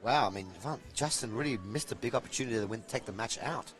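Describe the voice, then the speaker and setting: Man, pool commentator, excitable, jokey live commentary. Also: medium pitch, quick pace, soft background music, poor audio.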